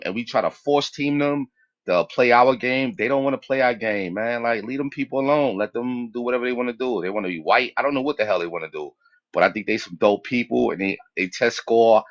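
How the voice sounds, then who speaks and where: A man's voice: mid-range voice, brisk, a bit bright, muffled recording. A man from New York with a New York accent, speaking on a panel in blunt, slangy talk and asking pointed questions. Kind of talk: debate on a panel.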